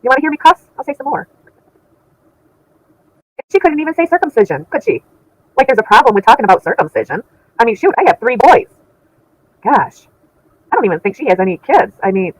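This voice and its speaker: A middle-aged woman runs a casual livestream, reading viewers' messages in an indignant, laughing manner. She talks fast in a fairly high, very animated voice with a breathy edge, and the recording is of low quality.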